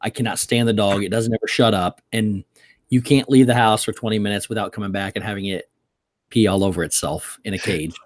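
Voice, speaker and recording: A man's voice: on the low side, fairly even intonation, brisk, no echo, clean studio sound. A man co-hosting a casual late-night live stream, telling rambling stories with bits of laughter. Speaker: podcast co-host.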